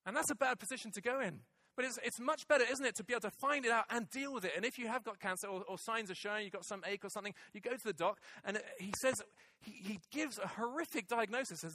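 A middle-aged pastor preaches to a congregation in a church hall, speaking fast in a very high, sharp voice. He's emphatic, repeating key phrases to give them weight.

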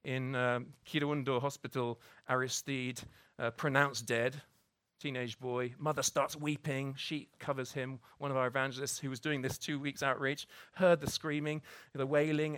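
A man's voice: mid-range voice, fairly bright tone, no echo. Man preaching, dry close sound. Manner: conversational preaching with many restarts and tag questions. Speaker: pastor. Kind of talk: sermon.

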